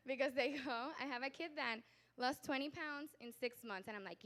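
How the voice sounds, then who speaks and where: Animated woman giving a medical lecture. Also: fairly high pitch, fast talker. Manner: animated storyteller, acts out patients and family; laughs often, talks with growing volume. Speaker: pediatric doctor giving a conference talk. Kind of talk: lively conference lecture. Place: conference hall.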